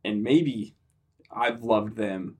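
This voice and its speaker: A man hosting a podcast, asking a guest slow, halting questions with fillers. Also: lowish voice, darkish tone, breathy edge. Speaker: podcast host. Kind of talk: interviewing a guest.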